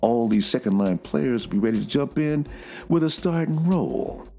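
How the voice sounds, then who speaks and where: A man doing an impression of a fellow fan, giving a slow, self-assured pep talk in a much lower voice than his own. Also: very animated, warm tone. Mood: reassuring. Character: deep-voiced boastful male fellow fan.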